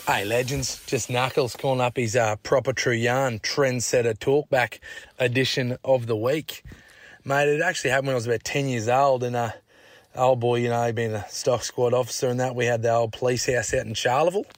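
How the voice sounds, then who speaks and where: Laid-back Aussie bloke telling a yarn. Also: male voice, medium pitch, steady tone, brisk, dry recording. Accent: Australian. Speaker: caller. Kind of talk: casual storytelling on a voice message.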